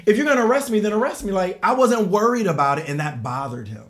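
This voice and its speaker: A man's voice: high voice, quick pace. A man in his forties telling a long personal story in casual talk, acting out the voices of the people in it and laughing along the way. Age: 40s. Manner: animated, acts out quoted voices, laughs while telling. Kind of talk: casual storytelling on a podcast panel.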